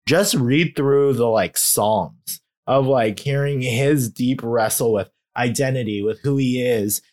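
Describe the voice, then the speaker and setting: A young man in a candid conversation about faith, talking in a halting, heartfelt way with many fillers and growing emotional. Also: medium pitch, darkish tone. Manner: grows emotional while talking. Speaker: guest.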